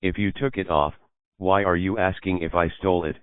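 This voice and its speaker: Evasive young man voiced by the reader, deep and defensive, dry phone-like audio. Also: steady tone, normal speed, clean tone, dry recording, lightly acted. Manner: defensive, exasperated.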